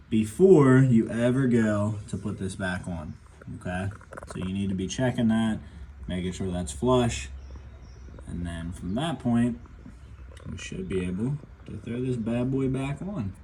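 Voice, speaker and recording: This home-garage mechanic speaks a little slowly in a warm, fairly low voice, with a slight hiss or hum on the audio. Working on a truck, he offers a loose how-to to "guys" watching, heavy on fillers and occasionally out of breath.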